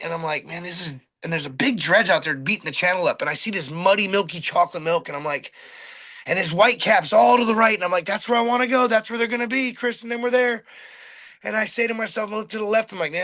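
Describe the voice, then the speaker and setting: A middle-aged man tells a fishing tale in a high, bright voice. He races along, stumbles over restarts and acts out what everyone said. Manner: animated, restarts often, acts out his own quotes. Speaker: charter boat captain telling a fishing story. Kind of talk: excited casual storytelling.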